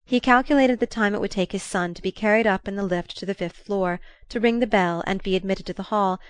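A woman narrating a classic novel as an audiobook, in a measured, even, unhurried manner. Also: fairly low pitch, clean tone, dry recording, studio quality. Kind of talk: scripted literary narration.

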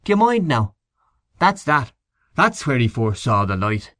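A man's voice: mid-range voice, very animated, a little slow, fairly bright tone, dry recording, studio quality. A man voicing a scornful middle-aged canvasser who grumbles and gossips in an audiobook reading, with a sneering, indignant manner. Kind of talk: audiobook character voice.

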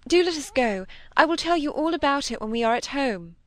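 Distressed young woman, high-strung and pleading, voiced by a woman in a dry storybook reading. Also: expressive, a little fast, a bit bright, no room sound. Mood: distraught. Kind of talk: audiobook character reading.

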